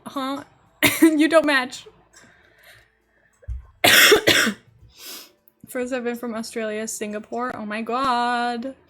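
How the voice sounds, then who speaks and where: Brief: young woman streamer, slightly high voice, chatty and giggly, faint music under her. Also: pushed and bright. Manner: chatty and giggly, rambling to chat while building. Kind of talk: casual live-stream chat.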